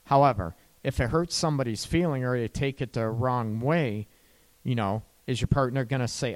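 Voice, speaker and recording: A man who works as a couples therapist, giving relationship advice in a conversational way and often checking in with "right?". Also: mid-range voice. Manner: slow, conversational, tags lines with "right?".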